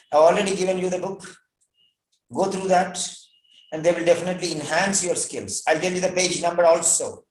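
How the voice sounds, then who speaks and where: A man with a high voice gives an English exam lesson at an unhurried pace. He leans on key words and says them again and again. The sound echoes around the room. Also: darkish tone. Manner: emphatic, repeats key words slowly. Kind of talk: online class lecture.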